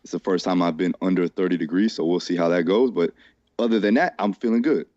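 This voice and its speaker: A man from Florida, a strength coach co-hosting a podcast, bantering in a relaxed, laid-back way. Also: deep voice, fast talker, no echo, dull audio. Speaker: strength and conditioning coach, co-host. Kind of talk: casual podcast chat.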